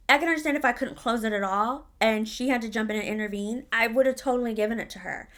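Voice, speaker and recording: Casting: bright, forceful woman, slightly high voice, brassy storytime vlogger who swears freely. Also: fast, few pauses. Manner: sassy and profane, dramatic retelling. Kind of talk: casual storytelling.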